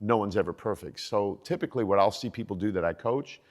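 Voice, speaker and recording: This is a man in his sixties with a fairly low voice, talking about fitness on a podcast. He sounds energetic and motivational, and the recording has a long, hall-like reverb. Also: quick pace. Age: 60s. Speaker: podcast guest, fitness coach. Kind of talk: casual podcast conversation.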